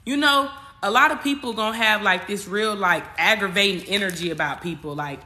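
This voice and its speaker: Woman host, casual livestream, bright forceful tone, repeats herself for emphasis. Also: medium pitch, expressive, normal speed. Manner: emphatic, repetitive, talks straight at the audience; casual slang and swearing. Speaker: spiritual coach and astrology livestream host. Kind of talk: casual livestream talk to viewers.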